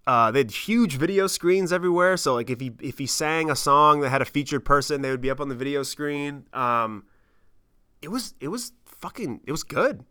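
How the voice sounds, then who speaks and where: A man in his thirties telling a travel story on his podcast, animated and rambling, with lots of swearing and fillers. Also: fairly high pitch, moderate pace, clear, resonant tone. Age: 30s. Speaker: podcast host. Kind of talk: casual storytelling monologue.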